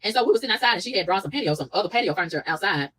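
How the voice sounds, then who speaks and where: A woman vlogger telling a story in a casual rant, animated, profane and indignant, with a husky voice. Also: medium pitch, very fast, poor audio.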